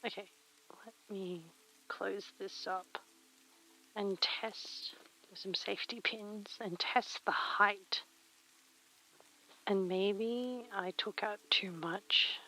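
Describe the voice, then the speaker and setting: Slow, soft-spoken woman streamer. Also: medium pitch, steady tone, poor audio. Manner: soft-spoken, murmuring to herself, reading chat aloud. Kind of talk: casual live-stream chat while crafting. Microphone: very sensitive close mic.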